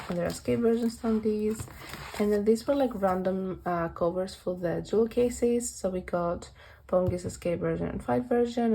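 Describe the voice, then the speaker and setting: A woman's voice: mid-range voice, creaky, dark tone, slight background noise, low-quality recording. A woman chatting casually as she flips through her collection binders, rambling and correcting herself with little laughs, her voice a bit worn as she is losing it. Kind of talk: casual vlog walkthrough.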